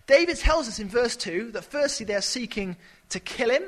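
A man preaching a sermon in a chatty, animated way, with quick asides and playful voices. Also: very high-pitched, rough recording. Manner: conversational and animated, with sudden shouted character voices.

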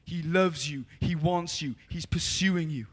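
A man with a Welsh accent preaching a lively evangelistic sermon, joking, swinging from loud calls to soft confiding. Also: a little high, a little slow.

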